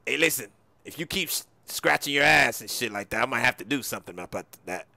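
A man bantering loudly in street slang as he role-plays a boastful character during a video game. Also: mid-range voice, lively intonation, quick pace, creaky, no room sound. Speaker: gamer in role-play.

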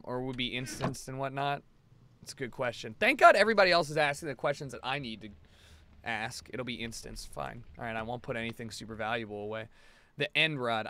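A man's voice: medium pitch, bright, forceful tone, a little hiss or hum. A man streaming a game live from his apartment, ranting to his chat in a rambling way and swearing freely. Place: home apartment.

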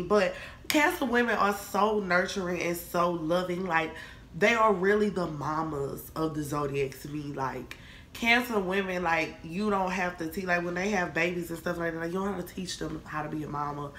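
A woman's voice: lowish voice, moderate pace, echoey room, a little hiss or hum. A young woman, ranting sassily and swearing freely in a casual comedic vlog. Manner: sassy, animated, swearing freely. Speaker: vlogger.

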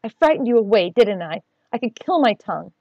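A woman's voice: medium pitch, sing-song, brisk, dry recording, muffled recording, pitched above the performer's own voice. A woman voicing a haughty teenage girl who talks in an affected fancy tone to hide her hurt. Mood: stung. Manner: mock-fancy, wounded pride.

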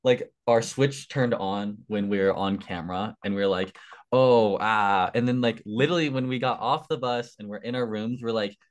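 A young man interviewing a fellow contestant in a loose, rambling way, full of "like" and quick apologies. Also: on the low side. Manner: rambling, filler-heavy, apologetic. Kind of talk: casual chat.

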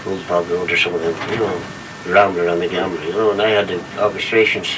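A man's voice: sits low, little pitch movement, quick pace. Older man telling stories. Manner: rambling storyteller who acts out voices in jokes. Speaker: retired variety singer. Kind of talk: casual reminiscing and joke telling. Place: home trailer. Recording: distant home recording with light noise.

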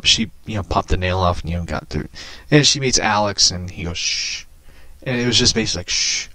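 A man with a low voice talks loosely through the plot of a movie he watched. His pitch swings widely as he swears and laughs along the way. The sound is dry and close. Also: dry recording. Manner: animated, profane, laughing often. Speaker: vlogger. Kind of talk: casual rambling monologue.

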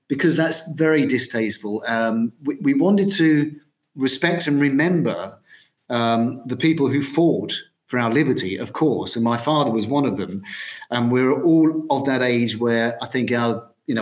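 A man's voice: mid-range voice, measured pace. Older guy in his sixties chatting loosely, lots of ums and restarts. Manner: rambling, many ums and restarts. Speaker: guitarist guest. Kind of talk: casual interview chat.

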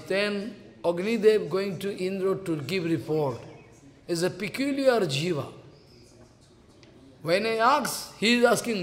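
High-voiced man preaching in echoing hall. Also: a bit bright. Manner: acts out dialogue of gods in raised voices. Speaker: spiritual teacher. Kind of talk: devotional lecture with storytelling. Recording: long hall reverb.

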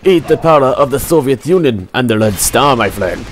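Man playing a mock-Russian Soviet show-off, stiff pompous delivery, lively swoops, headset mic. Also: mid-range voice, brisk, a little hiss or hum, close to an everyday voice. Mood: mock boastful.

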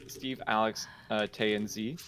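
A man's voice: on the low side, flat delivery, a little slow, fairly bright tone, a little hiss or hum. A man reasoning through a game round, hesitant and full of ums. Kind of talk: casual gaming chat.

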